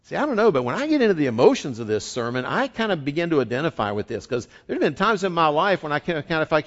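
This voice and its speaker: A middle-aged male pastor preaching a conversational sermon, shifting from quiet reflection to fervent emphasis. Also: fairly high pitch, big pitch swings, quick pace, hardly any pauses, dull audio.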